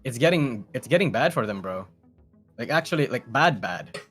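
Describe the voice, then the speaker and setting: A man's voice: mid-range voice, sing-song, moderate pace, faint music behind. Rambling young man guest on call. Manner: rambling, repeats words, swears, trails off quietly. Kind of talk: casual chat.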